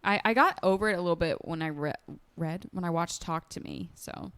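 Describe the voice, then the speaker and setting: A young American woman co-hosting a podcast, chatting casually with a giggly, self-mocking manner and vocal fry. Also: on the low side, fairly quick, fairly bright tone, no echo. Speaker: podcast co-host. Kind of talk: casual chat.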